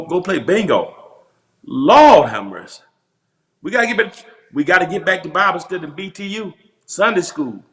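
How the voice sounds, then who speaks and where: A man's voice: a little high, creaky, pushed and bright. A man, a pastor, laughing and joking as he reacts to viral videos and leads mock prayers.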